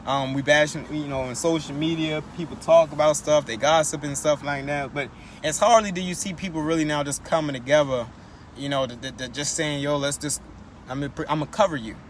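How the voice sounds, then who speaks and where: A man with a high voice speaks in a loose, slangy motivational style, restarting and repeating phrases as he pushes his point. He sounds like he is outdoors, with faint traffic in the background. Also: steady tone, a little fast. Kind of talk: casual motivational talk.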